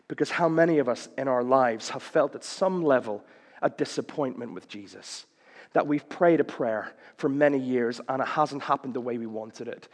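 A man preaching a sermon, impassioned, acting out quoted cries as his voice rises. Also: long reverb tail. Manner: impassioned, acts out quoted cries with rising pitch.

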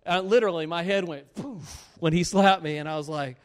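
A man preaching a sermon, telling a story with animated swings between loud bursts and low, earnest pleas. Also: brisk, clear, resonant tone, big-room sound.

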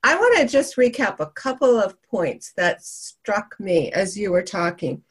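A woman's voice: medium pitch, very animated, measured pace, breathy edge. A woman hosting, recapping her guest's points with upbeat enthusiasm. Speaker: podcast host.

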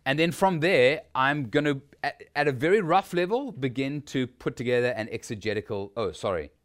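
A man's voice: mid-range voice, lively intonation, normal speed, a bit bright. A man, teaching a workshop on sermon preparation in a conversational way, with frequent restarts and rhetorical questions. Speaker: preacher teaching a preaching workshop. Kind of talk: informal teaching talk.

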